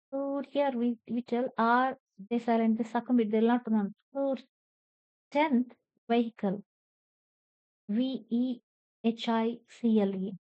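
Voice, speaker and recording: A woman from India with an Indian English accent gives a pronunciation lesson, spelling each word letter by letter before carefully repeating it. Her voice is on the high side, captured in a slightly dull, dry lo-fi recording.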